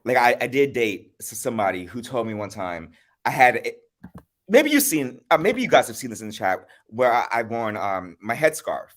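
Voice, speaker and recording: A man hosting a casual livestream chat, telling stories in an animated way. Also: mid-range voice, moderate pace. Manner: animated storyteller. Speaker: host.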